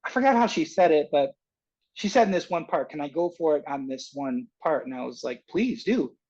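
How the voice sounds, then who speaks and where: A man, a singer-songwriter guest, telling a long story in a casual interview, rambling and animated with many restarts. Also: fairly high pitch, a little fast, lo-fi sound.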